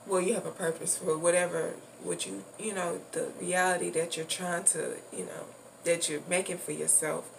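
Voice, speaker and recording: A woman's voice: fairly low pitch, fairly even intonation, moderate pace. A woman giving a casual spiritual talk in a loose, repetitive way, swearing now and then. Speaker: spiritual vlogger. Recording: distant mic with clear background noise.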